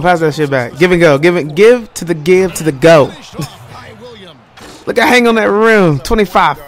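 Young man trash-talking over gameplay. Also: a little high. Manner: playful trash talk, laughs often, rhyming banter. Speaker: gaming commentator. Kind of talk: casual gameplay commentary.

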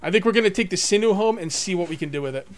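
Excitable high-voiced man gaming. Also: very fast, slight background noise. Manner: excitable, talks to viewers, swings from muttering to whooping. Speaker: let's play gamer. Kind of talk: casual gameplay commentary.

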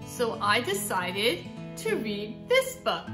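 A woman reading a picture book aloud to children at home, in a slow and animated storyteller's way. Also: fairly high pitch, soft background music. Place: indoors at home. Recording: echoey room.

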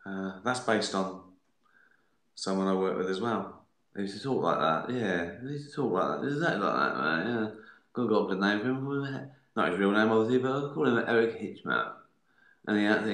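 A man's voice: lowish voice, a bit bright. A middle-aged man hosting a casual live stream, answering viewer questions in a rambling, hesitant way with dry jokes. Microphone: phone streaming live. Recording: roomy, echoey room sound.

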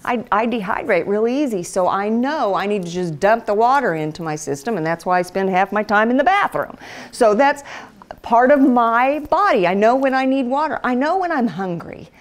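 A middle-aged woman giving a Bible teaching talk to women, telling stories and acting out voices with lively energy. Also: on the high side, moderate pace. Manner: animated storyteller, acts out voices. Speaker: women's ministry speaker. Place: church hall.

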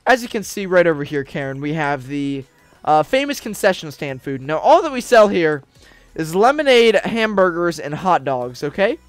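A host narrating and bossing around a character during a game roleplay, excitable and bossy, with sudden bursts of yelling. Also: medium pitch, moderate pace, no echo, faint music behind. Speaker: roleplaying gamer and channel host.

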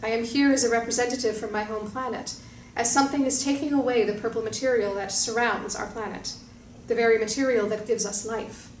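A woman voicing a calm, fearless male droid captain who speaks in a formal, composed way. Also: fairly high pitch, brisk, few pauses, lightly acted. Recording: roomy distant mic with faint hiss.

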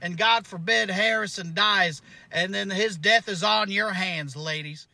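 Male comic playing a smug, mocking conservative ranter; bright, sharp, high-pitched. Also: measured pace, creaky, full character voice. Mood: sarcastic rant. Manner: sarcastic, mocking rant with chuckles. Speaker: comedian. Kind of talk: parody video monologue.

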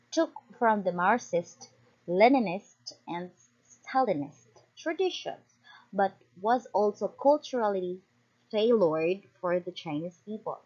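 A young woman student giving a class report, reading from notes with small slips and quick apologies. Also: medium pitch, darkish tone. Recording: dull lo-fi recording.

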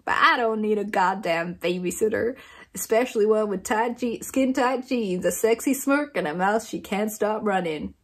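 A woman's voice: medium pitch, normal speed, lightly acted. A woman voicing a brash young male cowboy bull rider with a put-on American Southern accent. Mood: cocky.

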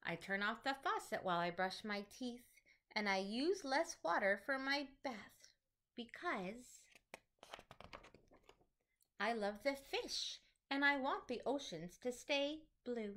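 A woman teacher reading picture books aloud to children in an animated, sing-song storytelling manner. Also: on the high side, takes it slowly, a little hiss or hum.

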